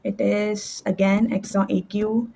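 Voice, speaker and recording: A woman tutoring French, explaining verb endings step by step with fillers and quick self-corrections, at a desk with a computer mic. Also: medium pitch, flat delivery, creaky, dark tone, slight background noise, poor audio. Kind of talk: screen-share language lesson.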